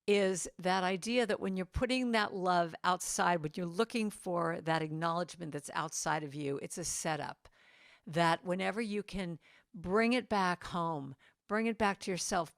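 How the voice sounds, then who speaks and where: A woman giving an inspirational talk at a church, chatting and coaxing the congregation, with soft, tender asides. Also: lowish voice, no echo, clean studio sound. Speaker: guest speaker and singer. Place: church sanctuary.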